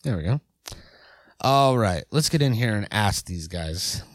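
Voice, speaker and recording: A man's voice: lowish voice, animated, unhurried, dry recording. Male podcast host, casual and rambling, dry close sound. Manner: rambling, self-interrupting, easygoing. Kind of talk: casual chat.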